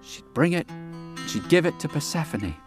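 A man telling a folk tale with unhurried, dramatic pauses and folksy asides, over guitar music. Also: on the high side, expressive. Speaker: storyteller. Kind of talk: oral storytelling.

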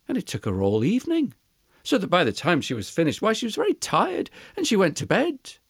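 A storyteller telling a fairy tale in an expressive, animated way. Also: medium pitch, brisk, breathy edge, dry recording, clean studio sound. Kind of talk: storytelling for children.

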